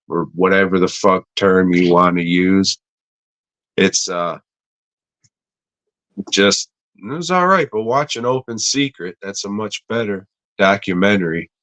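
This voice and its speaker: A man's voice: low voice, slow, a bit bright, dry recording. A man co-hosting a comedy podcast, chatting casually in a rambling, profane way with lots of fillers. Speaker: podcast co-host.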